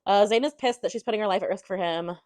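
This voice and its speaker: A woman rattles through a casual book recap, chatty and profane, full of likes and ums. Her voice is mid-pitched and quick, and the recording is dry and close. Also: a little mellow, no room sound. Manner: chatty, profane, lots of fillers. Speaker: book reviewer.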